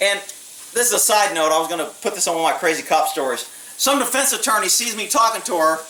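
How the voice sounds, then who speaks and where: A man's voice: high-pitched, quick pace, bright, forceful tone, far from the mic. Man, former police officer, casual blunt storytelling, echoey room, faint hiss. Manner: blunt, streetwise, swears freely.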